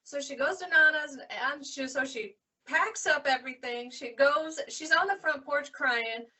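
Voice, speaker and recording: A woman librarian chatting casually about books, retelling stories in an animated way. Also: high voice, unhurried, distant mic. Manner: animated retelling, acts out characters' lines. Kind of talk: casual book recommendation chat.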